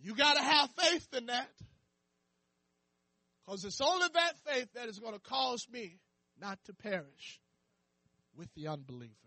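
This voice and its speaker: A man preaching in church with a very high, bright voice and an unhurried delivery. He peppers his sermon with "amen" and questions to the congregation, building up to impassioned shouts. The sound is dry and close. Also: animated, no echo. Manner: fervent preaching, sprinkled with "amen" and questions to the crowd. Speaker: pastor.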